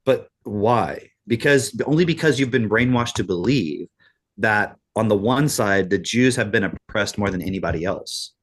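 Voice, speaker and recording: A man's voice: lowish voice, lively intonation, moderate pace. A man co-hosting a podcast in casual chat, talking in an emphatic, profane rant. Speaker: podcast co-host.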